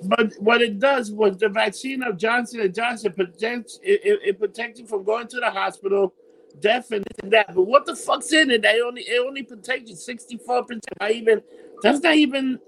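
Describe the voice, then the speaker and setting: A man from New York with a notably high voice, talking animatedly and profanely in a casual chat. A faint hiss sits under the recording. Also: a little fast, poor audio. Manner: animated, profane, says "dude" a lot.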